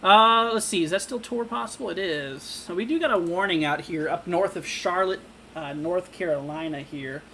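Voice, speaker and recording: A young man hosting a live severe-weather stream, talking casually with lots of fillers and halting restarts while reading viewer comments. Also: high voice, pushed and bright, slight background noise. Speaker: livestream weather host.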